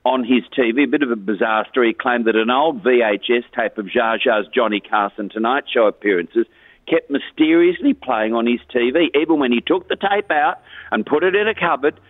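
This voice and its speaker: A man's voice: mid-range voice, lively intonation, a little fast, dry recording. A man giving a chatty, gossipy entertainment report on a radio show, chuckling as he goes. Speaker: entertainment news contributor. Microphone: phone line. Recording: tinny phone line on radio.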